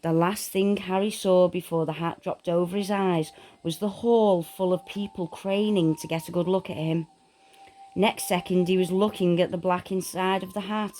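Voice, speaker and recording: A woman reading a children's fantasy storybook aloud, in a steady, expressive way. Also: lowish voice, moderate pace, a little hiss or hum, low-quality recording.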